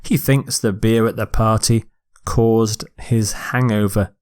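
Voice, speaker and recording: A man teaching a recorded vocabulary lecture, speaking slowly and deliberately and stressing syllables clearly. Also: fairly low pitch, steady tone, darkish tone. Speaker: English teacher.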